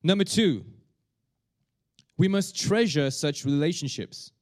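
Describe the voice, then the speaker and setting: A male pastor preaching a sermon, talking in a halting way with many restarts and fillers. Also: a little high, lively intonation.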